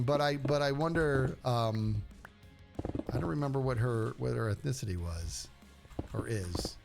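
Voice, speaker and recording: A man's voice: medium pitch, unhurried, gravelly. A middle-aged man chatting casually on a live game stream, rambling and chatty, often repeating words as he talks. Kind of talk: casual live-stream chat while gaming. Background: background music.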